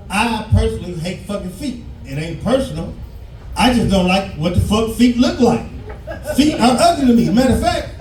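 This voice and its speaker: A man, doing a live stand-up set, profane and shouting his punchlines. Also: sits high. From Detroit, USA. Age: 50s. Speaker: stand-up comedian. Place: comedy club stage. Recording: echoey club from a distance.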